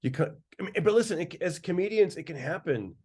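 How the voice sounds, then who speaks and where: A man who is a stand-up comedian, a podcast guest telling stories in casual chat, animated and laughing through his words. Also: high voice, fast, husky.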